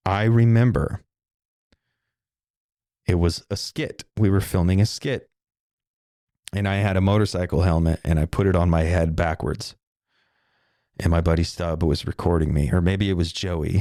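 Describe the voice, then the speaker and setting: Low-voiced middle-aged man rambling solo. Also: fairly quick, darkish tone, dry recording, studio quality. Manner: casual, profane, digressive. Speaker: podcast host.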